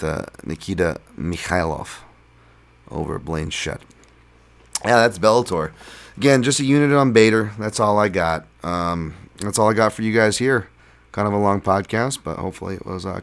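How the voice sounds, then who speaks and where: A man with a low, gravelly voice runs a solo sports betting podcast, discussing fight picks at a moderate pace. He speaks casually, often restarting sentences and leaning on fillers.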